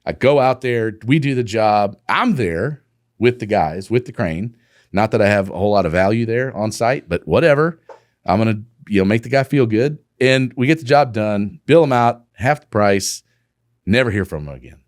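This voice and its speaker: A man's voice: fairly low pitch, moderate pace, no room sound, studio quality. A man, a company co-founder, telling a business story in a casual interview, laughing and acting out the dialogue. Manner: animated, laughing, acts out quoted dialogue.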